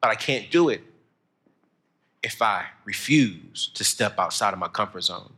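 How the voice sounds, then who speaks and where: Energetic young man preaching. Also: lowish voice, a little slow. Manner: storytelling, building to shouted emphasis. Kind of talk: motivational sermon.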